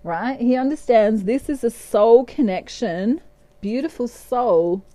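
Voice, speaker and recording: Woman, tarot reader, casual reading, playful, slow, dry close sound. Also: on the high side, warm tone, no echo. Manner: playful, breaks into snatches of song and laughs.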